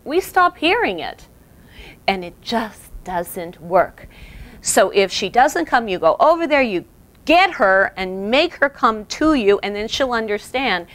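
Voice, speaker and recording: A fairly high-pitched woman with a very lively, bouncing voice. She gives casual how-to tips straight to camera in an animated, chatty way, laughing easily as she talks. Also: measured pace. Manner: animated, laughs often, addresses her dog between tips. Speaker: presenter giving dog training tips.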